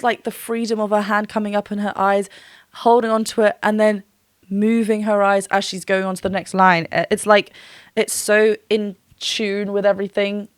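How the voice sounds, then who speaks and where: A woman's voice: medium pitch, no room sound, clean studio sound. A woman working as a vocal coach, giving a gushing reaction and analysis with frequent laughs and short sung demo notes.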